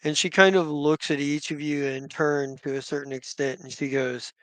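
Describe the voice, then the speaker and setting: A man narrating as game master of a tabletop game, halting and restarting often as he describes what characters do. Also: a little high, fairly even intonation, no room sound.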